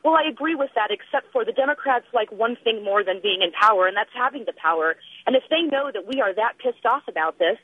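A woman's voice: on the high side, animated, quick pace, few pauses, slightly rough, no room sound. A young woman calling a radio show, talking in an urgent, impassioned way over a tinny phone line. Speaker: caller. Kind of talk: call-in radio conversation.

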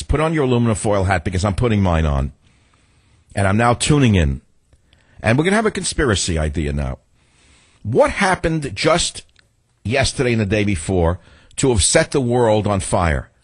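A man's voice: medium pitch, slightly rough, no echo. An older man hosting a talk radio show, delivering a sarcastic, combative, rambling monologue.

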